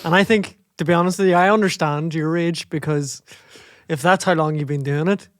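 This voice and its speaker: A man's voice: fairly high pitch, fairly quick, dry recording, clean studio sound. A man, co-hosting a podcast, bantering, laughing often and swearing. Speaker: podcast co-host. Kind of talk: casual chat.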